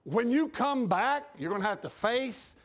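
A man's voice: extremely high pitch, lively intonation, unhurried. A male pastor preaching a sermon, telling folksy stories and acting out the dialogue. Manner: folksy storytelling preacher, acts out dialogue, laughs at his own jokes.

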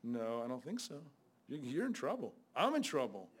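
A man's voice: medium pitch, huge pitch swings, moderate pace, slightly rough. A man preaching a sermon in a blunt, conversational way, with sudden outbursts.

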